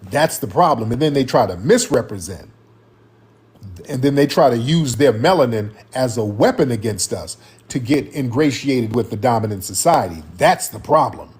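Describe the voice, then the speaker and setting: A man's voice: medium pitch, animated, normal speed, a little mellow, slightly rough. A man hosting a live-stream commentary show and taking callers, talking in an emphatic, repetitive, slang-heavy way.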